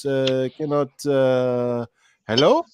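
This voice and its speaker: Man doing a high-pitched, halting broken-English helpdesk guy who repeats stock phrases. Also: fairly even intonation, background noise, lightly acted. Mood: flustered. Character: fumbling broken-English phone helper, male.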